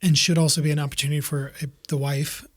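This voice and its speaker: A man's voice: a little high, level tone, fast talker. Man rambling in a casual couples chat. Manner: rambling, full of fillers and restarts. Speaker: podcast co-host. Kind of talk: casual conversation with his wife.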